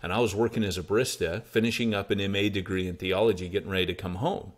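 A man's voice: low-pitched, fast talker. An American man, a pastor, telling stories in a casual interview and acting out the dialogue he quotes. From United States. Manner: animated, acts out quoted dialogue. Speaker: pastor and church planter. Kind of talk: conversational interview storytelling.

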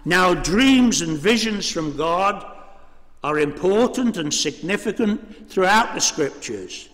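A man preaching a sermon in a church, measured and full of rhetorical questions. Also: high voice, expressive, fairly bright tone. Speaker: priest. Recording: reverberant church hall.

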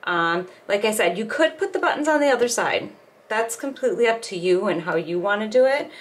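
Her mid-range voice moves fairly quickly as this middle-aged woman walks through a crochet project at home. She keeps it chatty and easygoing, talking step by step while her hands stay busy.

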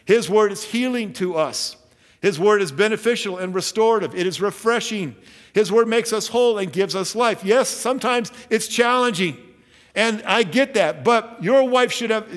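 A man's voice: high voice, in a large hall. A man giving a sermon as pastor, emphatic and earnest, with self-deprecating asides. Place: church.

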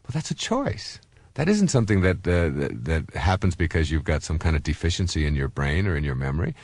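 A man's voice: rumbling low, sing-song, quick pace, darkish tone, no echo. A man in his fifties, a self-help author, giving a conversational motivational talk full of personal stories, with many fillers and restarts.

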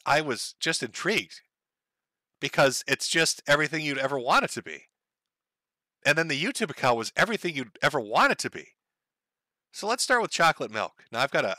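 A man's voice: medium pitch, bright, forceful tone, dry recording. A man hosting a show, giving crude, sarcastic commentary on online posts. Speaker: show host.

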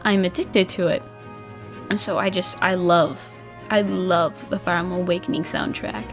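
A woman's voice: on the low side, moderate pace. Bubbly young woman chatting over faint music. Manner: bubbly, animated, laughs often, acts out her past reactions. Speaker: gaming vlogger. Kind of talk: casual chat.

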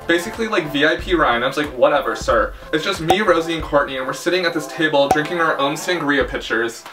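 A man's voice: a little high, quick pace, recorded from a distance, music in the background. A young man telling a dramatic storytime in a chatty way, full of filler words. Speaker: vlogger. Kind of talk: casual storytime.

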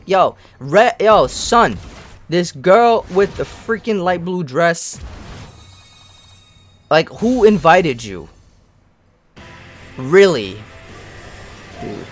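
A young man giving casual, slangy commentary while playing a mobile game, excitable and grumbling at his bad luck. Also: high voice, very slow, long pauses, faint music behind.

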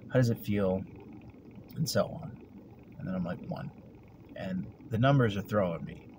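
Male vlogger, low register, meandering and reflective, trailing off quietly; noisy recording with traffic behind. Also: moderate pace. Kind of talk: rambling personal vlog. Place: at work, vehicle sounds around.

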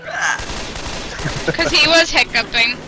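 An excitable woman chats and shouts callouts over a shooter game. Her voice sits high, and loud game gunfire runs underneath her. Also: very slow. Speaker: gamer. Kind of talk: casual chat while playing a shooter. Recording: game gunfire noise behind.

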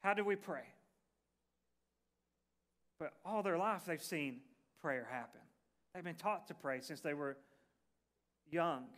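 Guy pastor, higher bright voice, chatty sermon with lots of uh's. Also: slow, long pauses. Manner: conversational preaching with fillers, restarts and folksy phrasing.

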